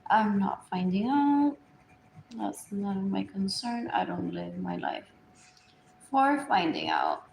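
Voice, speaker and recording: A woman's voice: mid-range voice, very animated, slow, vocal fry, a little mellow, a little hiss or hum. A woman, rambling through a live stream, repetitive and drifting, often trailing off into murmurs. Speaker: livestreamer. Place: indoors at home. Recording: roomy echo.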